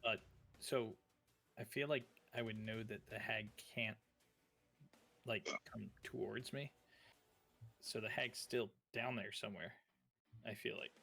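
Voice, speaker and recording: Gravelly dude playing dnd, bright voice, rambly and goofy. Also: male voice, fairly low pitch, steady tone. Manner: rambling, playful, slips into quick in-character lines. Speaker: player. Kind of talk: casual tabletop game play.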